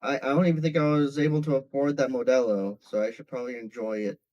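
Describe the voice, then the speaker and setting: A man's voice: mid-range voice, little pitch movement, quick pace, a little mellow, lo-fi sound. A man chatting casually on a stream, laid-back and joking.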